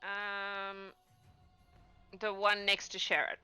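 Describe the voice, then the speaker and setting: Bright-voiced woman running a tabletop game. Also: medium pitch, completely flat delivery, takes it slowly, clear, resonant tone, dry recording, soft background music. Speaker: dungeon master.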